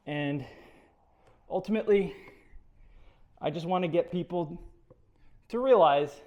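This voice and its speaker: A man's voice: high-pitched, unhurried, highs cut off. A man talking through a home workout as a fitness instructor, chatty and encouraging, a little out of breath. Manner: chatty, encouraging, self-deprecating.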